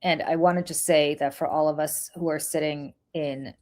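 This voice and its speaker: A woman with a Russian accent co-hosts a political talk show from New York. Her voice sits a little low. She speaks with passion and stresses her words, often stopping and restarting mid-sentence. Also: fairly even intonation, moderate pace, a little mellow. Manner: impassioned, emphatic, full of restarts. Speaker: podcast co-host. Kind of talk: casual political chat.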